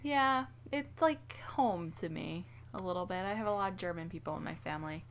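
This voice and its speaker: A young woman from the United States co-hosts a casual Q&A chat with her husband, who hosts it. Her lowish voice moves fairly quickly, and she's easygoing, laughing often and poking fun at herself.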